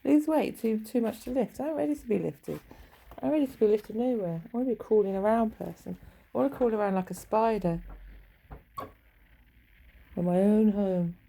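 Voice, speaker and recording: A woman's voice: mid-range voice, normal speed, gravelly, pauses often, mellow, rough recording. A middle-aged woman chatting in a rambling, wry way at home, swearing freely. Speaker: vlogger. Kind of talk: rambling casual monologue. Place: home bedroom.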